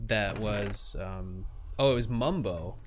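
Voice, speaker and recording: A man's voice: fairly low pitch, slow pace, a little hiss or hum. A young man chatting casually on a livestream while he plays, throwing in goofy made-up sound words. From USA. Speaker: streamer.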